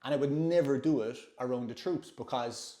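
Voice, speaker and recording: A man's voice: medium pitch, normal speed, dark tone. An Irish man, a former soldier, telling anecdotes in casual chat. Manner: chatty, anecdotal. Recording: roomy echo.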